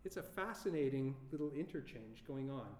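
A man preaching a sermon earnestly, asking rhetorical questions and slowing down with emphatic pauses. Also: mid-range voice, expressive, mellow. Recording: echoey room.

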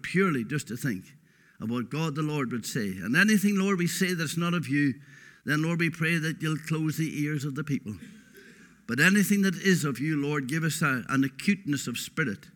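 Bright, high preacher man. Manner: emphatic, folksy, repeats words for stress. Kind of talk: sermon.

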